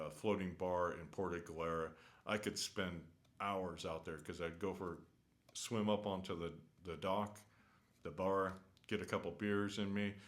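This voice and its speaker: A man with a very low voice rambles through an unscripted vlog rant. He talks casually from a hotel room, earnest and opinionated, and keeps circling back with fillers and half-started sentences. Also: a bit bright. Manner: rambling, many fillers and restarts. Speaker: travel vlogger.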